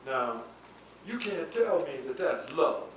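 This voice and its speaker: A high-pitched man preaches to a hall audience, asking rhetorical questions and swelling into shouts. He sounds far from the mic, with heavy room echo and a faint hiss behind him. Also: big pitch swings, slow. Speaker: spiritual leader giving a lecture. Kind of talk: preaching lecture. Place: lecture hall before an audience.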